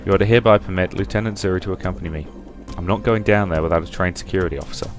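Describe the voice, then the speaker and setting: A young man reads a space drama game aloud, taking on each character's lines in turn. His voice sits low, and it jumps up in pitch and loudness for some of the characters. Faint music plays underneath. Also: steady tone, racing. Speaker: game let's-player. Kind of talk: reading a visual novel aloud, voicing characters.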